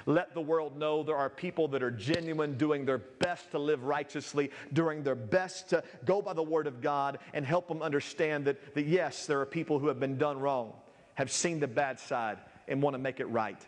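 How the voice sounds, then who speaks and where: A male pastor delivers a sermon, reading scripture aloud and pushing his voice up as he presses his points. His voice sits a touch high for a man. A long reverb trails each phrase. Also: steady tone, normal speed. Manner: preaching with rising intensity, reading scripture aloud.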